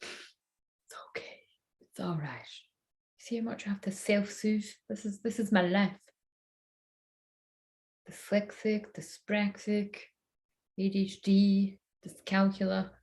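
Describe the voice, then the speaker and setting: A woman's voice: mid-range voice, level tone, unhurried, long pauses, darkish tone. A woman giving a casual live-stream reading. She chats in a self-mocking way, swears freely, and mutters to herself while she fiddles with her phone. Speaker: psychic tarot reader live-streaming.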